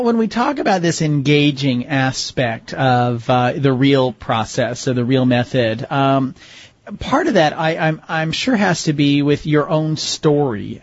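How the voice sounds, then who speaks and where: A man hosting an interview, asking deliberate questions in a measured way. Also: mid-range voice, dry recording. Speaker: interview host. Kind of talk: radio interview. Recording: dull lo-fi audio.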